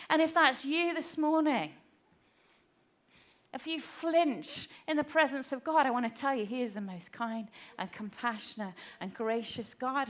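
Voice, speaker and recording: Her voice sits high as she preaches a sermon with earnest, conversational warmth. Quoted voices get acted out often, and now and then she falls to a near whisper.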